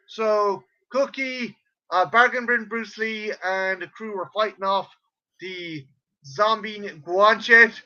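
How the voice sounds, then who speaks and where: Brief: male podcast co-host, bright, ranting, profane, lo-fi recording. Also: sits high, slow pace. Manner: profane, rambling, animated retelling. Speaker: podcast co-host reviewing a film. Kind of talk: casual chat.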